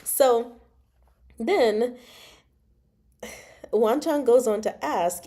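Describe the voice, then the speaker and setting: A woman's voice: fairly high pitch, extremely slow, long pauses, warm tone. A woman hosting a casual book chat, bubbly and giggly as she retells a novel's scenes. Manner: bubbly, giggly, retells dialogue in playful voices.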